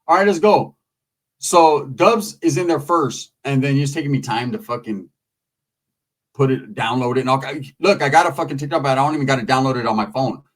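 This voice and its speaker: A man talking casually into the camera, telling a profane story and mimicking other people in loud, high voices. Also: a little fast. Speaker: YouTube commentator. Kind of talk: casual commentary monologue.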